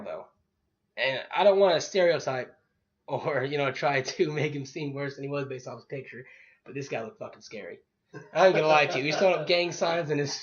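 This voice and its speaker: A man, animatedly telling a story in casual podcast chat, swearing freely and acting out the other people in it. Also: a little high. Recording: dull lo-fi recording.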